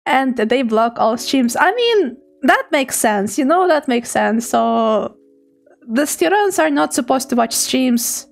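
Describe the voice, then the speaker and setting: A woman's voice: high voice, animated, takes it slowly, vocal fry. A young woman, a native Russian speaker, chatting casually on a live stream, giggly and talkative, often laughing as she reads chat.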